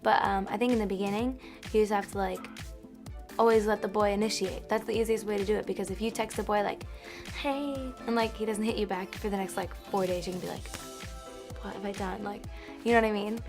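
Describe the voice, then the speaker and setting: A woman's voice: mid-range voice, fairly even intonation, fast talker, over music. A young woman answering interview questions in a bubbly, giggly way, full of "like" and "um". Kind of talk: casual interview chat.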